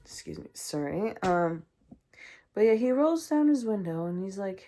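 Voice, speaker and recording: A woman's voice: medium pitch, moderate pace, warm tone. A young adult woman hosting a podcast, telling a personal story in a casual, chatty way with many ums and acted-out voices. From Canada. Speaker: podcast host.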